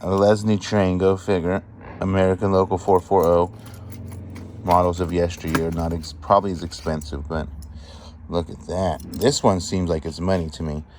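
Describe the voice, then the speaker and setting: Deep-voiced man excitedly sorting finds. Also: normal speed, a little hiss or hum. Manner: excited, chatty, appraising items aloud. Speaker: vlogger sorting a storage unit find. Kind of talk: casual show-and-tell commentary.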